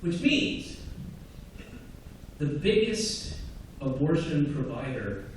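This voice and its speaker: A man's voice: a little high, big pitch swings, slow pace, far from the mic. A man performing live stand-up comedy in a sardonic, conversational way, slipping into mocking acted-out asides. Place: large theatre stage. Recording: echoey live theatre recording from afar, audience noise. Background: audience laughter.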